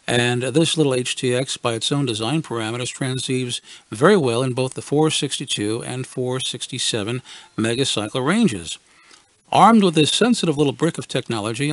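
Wry man reading a deadpan story. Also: mid-range voice, no echo. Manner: wry, deadpan storytelling, acting out quoted voices. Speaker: radio essayist. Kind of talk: scripted first-person storytelling.

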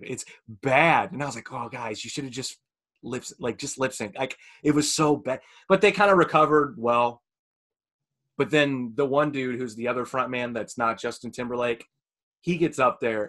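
Casting: man in his thirties, podcast co-host, mid-pitched voice, animated and profane storyteller. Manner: animated storyteller, swears freely, acts out his own reactions. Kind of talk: casual podcast chat.

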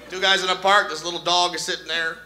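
A man's voice: sits high, sharp tone. Crude, punchy male stand-up comic. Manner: crude, punchy joke-telling. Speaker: stand-up comedian. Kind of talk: stand-up comedy.

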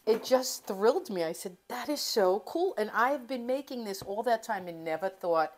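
A woman's voice: mid-range voice, lively intonation, moderate pace, a little hiss or hum. A middle-aged woman hosting a cooking channel, chatting casually and rambling from her home kitchen. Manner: chatty, rambling, self-interrupting.

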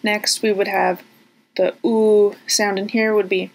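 A woman teaching a language lesson, slowly and patiently repeating each word and vowel sound, with frequent fillers. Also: mid-range voice, level tone, vocal fry. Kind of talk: pronunciation lesson.

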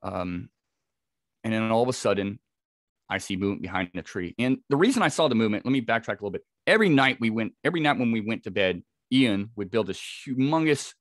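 A man's voice: fairly low pitch, animated, fast talker, dry recording, studio quality. A man, a podcast guest, telling a vivid first-person encounter story with frequent restarts. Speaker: podcast guest, Bigfoot researcher.

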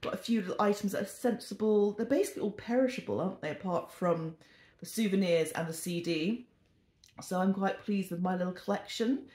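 A woman's voice: mid-range voice, fairly quick, darkish tone. A British woman vlogger telling a rambling, self-deprecating storytime at home in a casual, chatty way. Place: indoors in a home. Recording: echoey room.

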